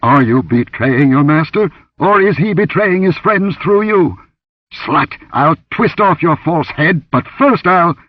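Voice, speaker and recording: A man's voice: on the high side, lively intonation, a little slow, no room sound, dull audio, pitched above the performer's own voice. A man voicing a hulking, menacing male temple servant in an audiobook, snarling threats.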